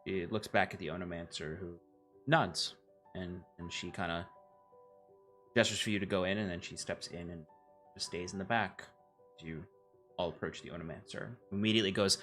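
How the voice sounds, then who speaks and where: A man narrating as game master in a relaxed way, with many fillers. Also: low voice, moderate pace, pauses often, soft background music.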